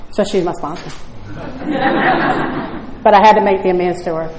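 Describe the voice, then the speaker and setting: A woman's voice: mid-range voice, expressive, unhurried, long pauses, noisy background. A woman telling her personal story at a recovery meeting, blunt and conversational, often asking "right?". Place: meeting room. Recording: echoey room.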